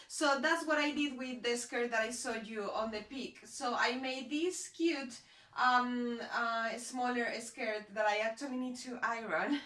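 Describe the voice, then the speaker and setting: A chatty woman talks her viewers through a sewing project, rambling and pausing to find her words. Her voice is bright and sits a bit high. The room around her is echoey. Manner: chatty and rambling, with frequent hesitations. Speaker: sewing vlogger. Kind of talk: casual how-to chat. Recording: roomy echo.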